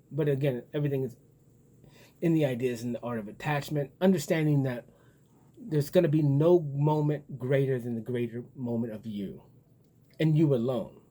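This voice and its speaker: A man with a husky, slightly breathy voice delivers a loose, rambling monologue. His pitch sits in an ordinary middle range, and his talk is blunt, profane and musing. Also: dark tone. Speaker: vlogger.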